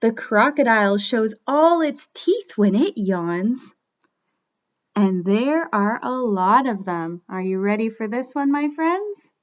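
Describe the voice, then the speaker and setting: A young woman, a children's librarian reading a bedtime story aloud, gently and playfully coaxing little listeners to join in. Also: on the high side, lively intonation, slow, dull audio. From Canada.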